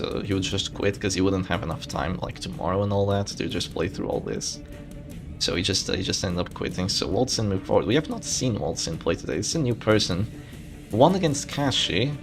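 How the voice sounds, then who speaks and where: Lively, low-voiced man commentating a game stream. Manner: animated, chatty, thinking aloud with frequent restarts. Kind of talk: casual live game commentary.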